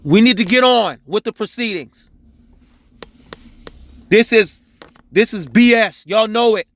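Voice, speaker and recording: High-voiced man yelling reactions. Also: unhurried. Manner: loud, exasperated, yelling and cursing. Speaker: reaction streamer. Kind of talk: angry live reaction commentary.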